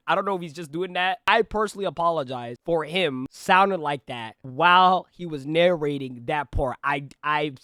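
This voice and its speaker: Young male reaction streamer: high, bright voice, animated and rambling, dry close sound. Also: clear, resonant tone, no room sound. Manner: animated, rambling, lots of "like" and "you know". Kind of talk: casual reaction commentary.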